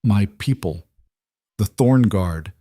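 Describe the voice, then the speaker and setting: A man's voice: fairly low pitch, lively intonation, slow, dark tone, no echo. A man playing a wounded male alpha wolf king who speaks tersely with a dry, teasing wit. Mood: quiet, grave.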